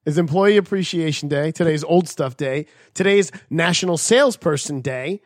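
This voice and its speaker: A man's voice: on the high side, moderate pace, dry recording, studio quality. A man hosting a casual podcast chat, joking as he reads out a list of silly holidays. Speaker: podcast host.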